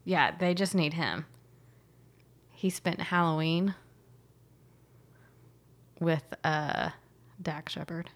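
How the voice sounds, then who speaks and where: Her voice is deep and slow, broken up by long pauses. She's a podcast co-host chatting casually, giggling often while spinning animated stories.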